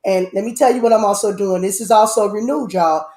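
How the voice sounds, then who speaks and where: A woman hosting a casual live-stream chat, animated, with loud outbursts and a lot of repeating herself. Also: mid-range voice, brisk. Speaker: host. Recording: echoey room.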